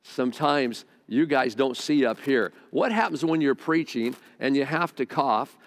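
Delivering a sermon a little slowly, a man with a medium-pitched voice talks to his congregation in a big hall, casual in tone, stumbling into restarts and tossing in side comments. A mic sits close to his face, while long church reverb fills the space.

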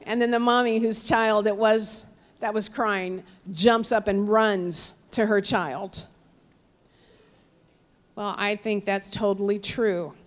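A woman delivers a sermon slowly and in a steady tone, telling stories with dramatic swings from loud cries to hushed near-whispers. She quotes figures in raised voices and goes low and soft when speaking of God.

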